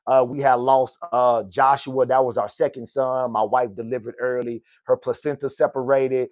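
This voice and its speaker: His voice is mid-range with little pitch movement, a moderate pace and a darkish tone. He's a middle-aged podcast host from Oklahoma, US, giving a preachy, motivational personal talk, calling to his listeners and repeating "good people" and "right?". There's no room sound.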